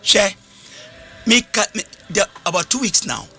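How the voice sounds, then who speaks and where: A man's voice: high-pitched, unhurried, sharp tone, slightly rough. A man with a Ghanaian accent preaching a sermon, mixing English with Twi in call-and-response style.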